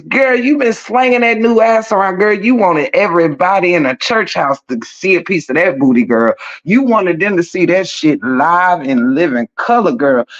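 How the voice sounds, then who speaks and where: A man's voice: high voice, fairly bright tone, dull audio. A man doing a comedic gossip rant in a sassy, flamboyant manner, calling everyone "girl" and "child", breaking into laughter. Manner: breaks into laughter and gasps for breath. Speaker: commentator.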